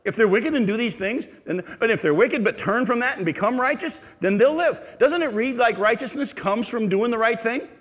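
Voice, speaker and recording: A man preaching a sermon as pastor, animated and asking the congregation rhetorical questions. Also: extremely high pitch, brisk, hardly any pauses, big-room sound.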